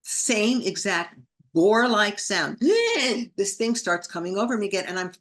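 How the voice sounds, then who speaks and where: A woman's voice: mid-range voice, moderate pace, a bit bright. A woman, a podcast guest, telling a personal story vividly, acting out her inner thoughts in an emotional way.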